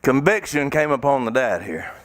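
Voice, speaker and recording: A man preaching a sermon as pastor in a church, fervent and folksy, sometimes breaking into shouts. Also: mid-range voice, lively intonation, normal speed. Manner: colloquial, folksy phrasing. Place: church sanctuary.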